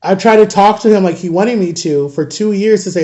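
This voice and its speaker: A man in his thirties talks straight to his followers in a loose, rambling storytime vlog. His voice sits high but has a soft, mellow tone. He sounds worn out and exasperated, and he swears casually as he goes. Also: a little fast, lo-fi sound. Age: 30s. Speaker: father vlogging about parenting.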